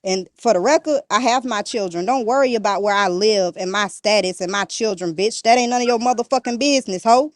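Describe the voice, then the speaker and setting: A woman's voice: medium pitch, fairly quick, few pauses, no echo, studio quality. A woman guest on a podcast, ranting bluntly and defiantly, cursing and throwing insults nonstop. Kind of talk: heated rant in an interview.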